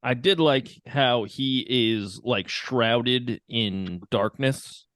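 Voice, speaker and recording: A man's voice: medium pitch, extremely slow, fairly bright tone, no echo, clean studio sound. A man co-hosting a podcast, chatting casually and joking, with fillers and hesitations. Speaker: podcast co-host. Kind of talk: casual chat.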